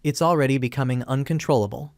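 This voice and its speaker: A man reading a calm young hero. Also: medium pitch, fast talker, no room sound, clean studio sound, natural voice. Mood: explaining. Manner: calm, explaining. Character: calm young male hero, steady and thoughtful.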